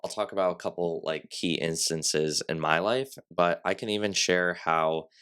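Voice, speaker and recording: Young male podcast guest, very low voice, sniffly, chatty storyteller who fills his talk with "like". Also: moderate pace, a bit bright, clean tone. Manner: storytelling with acted quotes, many "like" fillers. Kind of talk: casual podcast chat.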